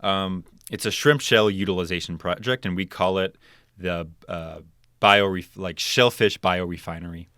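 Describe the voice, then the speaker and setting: A young man with a very low voice walks through his research in a relaxed interview. He explains in a loose way, full of ums and likes. The recording is close and dry. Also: moderate pace, smooth, no echo. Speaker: podcast guest, chemical engineer. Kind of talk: casual interview talk.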